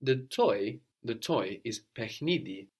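A man's voice: mid-range voice, expressive, slow, darkish tone, husky. A man teaching a language lesson, patiently prompting a student and repeating model phrases.

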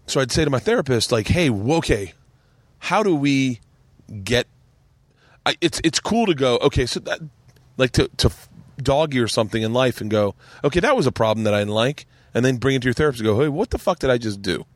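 A man's voice: medium pitch, lively intonation, fairly quick, no room sound. A man hosting a podcast, chatting casually, rambling through stories and acting out what people said. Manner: rambling storyteller, acts out quotes, swears freely. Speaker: podcast host. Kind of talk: casual chat.

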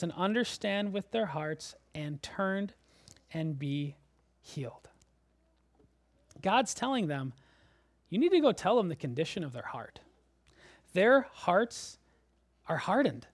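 A man preaching a sermon, animated, moving between loud emphasis and hushed low lines. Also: dry recording. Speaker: pastor.

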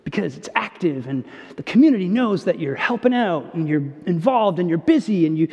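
A man preaching a sermon as pastor, earnest, moving between emphatic and hushed delivery. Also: sits high, lively intonation, brisk, breathy edge. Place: church sanctuary. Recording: dull sound with long church reverb.

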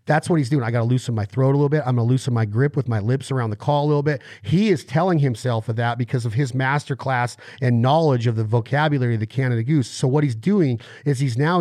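A man hosting a casual podcast interview, explaining at length in animated bursts. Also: mid-range voice, no room sound, clean studio sound. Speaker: podcast host.

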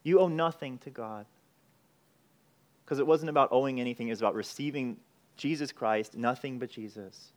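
A man's voice: medium pitch, moderate pace. A man preaching a sermon in an earnest, conversational way, asking rhetorical questions and often restarting his phrases. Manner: frequent restarts and repeated words. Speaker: pastor.

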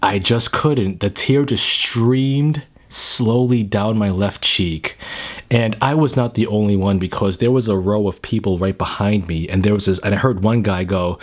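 A man's voice: lowish voice, unhurried. A man giving a casual spoken film review, emotional, often stammering and repeating his words.

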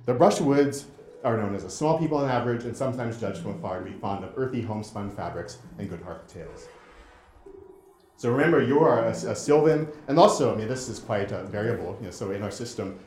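Male lecturer, low voice, halting with lots of restarts, roomy echoey sound. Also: a little mellow. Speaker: presenter. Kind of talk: lecture with interactive game demo.

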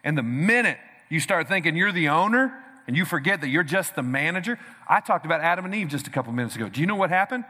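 A man preaching a sermon as pastor, with energetic, punchy delivery and call-and-response to the congregation. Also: on the high side, quick pace. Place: large church hall. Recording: reverberant church hall.

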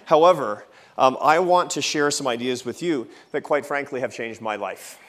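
A man's voice: mid-range voice, moderate pace, fairly bright tone. A man in his fifties giving a lecture at a festival, telling a personal story with jokey asides. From United States. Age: 50s.

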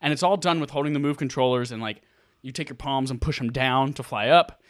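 A man co-hosting a casual gaming podcast, excitable, swearing freely and acting out his own reactions. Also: mid-range voice, fairly quick, dry recording, clean studio sound. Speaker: podcast co-host.

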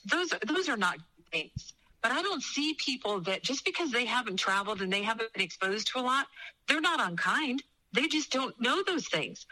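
A woman's voice: mid-range voice, pushed and bright, rough recording. A middle-aged woman from New York, a guest on a political talk show, speaking in an emphatic, opinionated way.

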